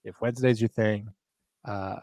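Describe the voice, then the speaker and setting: A man's voice: on the low side, fairly even intonation, moderate pace, a little mellow, dry recording. A man co-hosting a podcast, doing playful, overplayed ad reads in a casual, joking way. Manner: jokey, overplayed sales energy. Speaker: podcast co-host reading ads.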